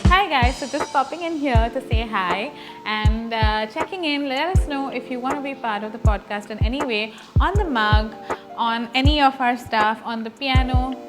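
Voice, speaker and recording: A woman hosting a podcast, upbeat and giggly as she runs quick games with a guest. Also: on the high side, over loud music. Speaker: podcast host. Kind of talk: casual podcast chat.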